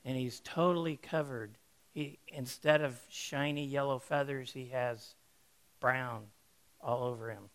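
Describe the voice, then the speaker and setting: A man preaching, telling a folksy, animated story to make a sermon point. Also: mid-range voice, measured pace.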